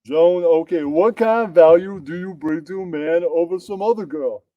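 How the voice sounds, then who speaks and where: A man's voice: sits high, normal speed, no room sound, muffled recording, natural voice. Man doing an abrasive, crude stand-up comic. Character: abrasive male stand-up comic insulting the crowd.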